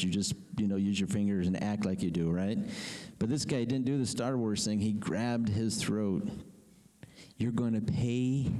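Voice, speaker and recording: A man delivers a lively sermon from the pulpit, tossing questions out to the congregation. His voice is warm and mellow, sitting in a middle pitch. The sound rings with the long reverb of a church hall. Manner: animated preacher, asks the congregation questions. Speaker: pastor.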